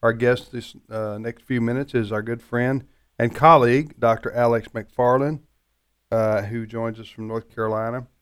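Radio host, smooth clear voice, chatty and joking, studio mic. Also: male voice, mid-range voice, fairly even intonation, moderate pace, fairly bright tone. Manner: chatty, joking, filler-heavy. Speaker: radio talk show host. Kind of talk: live talk radio hosting.

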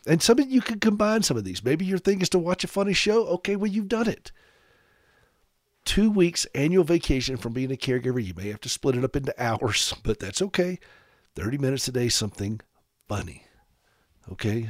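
Animated man hosting a radio show. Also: mid-range voice, brisk, no room sound, studio quality. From South Carolina. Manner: animated, sarcastic humor, direct address to listeners. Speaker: radio host. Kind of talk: radio talk monologue.

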